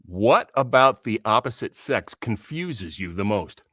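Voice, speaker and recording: A man's voice: on the low side, expressive, unhurried, a bit bright, no echo, studio quality. A man hosting a podcast, asking questions in an easygoing way and laughing along. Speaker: podcast host. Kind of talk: casual interview chat.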